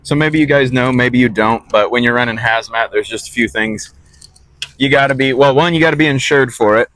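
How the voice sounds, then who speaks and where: A man's voice: medium pitch, a little fast, fairly bright tone, no echo. A man talking casually to the camera as a trucking vlogger while walking his dog outdoors at a truck stop, rambling and correcting himself as he goes. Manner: rambling, easygoing, self-correcting. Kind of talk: casual vlog talk.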